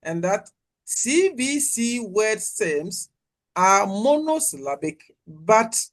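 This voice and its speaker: A man from Ghana giving an academic conference lecture, explaining carefully and deliberately, with repetitions and restarts. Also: sits high, very animated, fairly bright tone. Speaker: linguistics lecturer.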